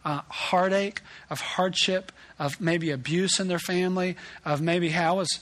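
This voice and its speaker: A man delivers a church sermon in an earnest, conversational way. His voice sits a little high for a man. He often restarts his sentences as he speaks to the congregation. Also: steady tone, a little slow, fairly bright tone. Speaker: pastor. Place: church service.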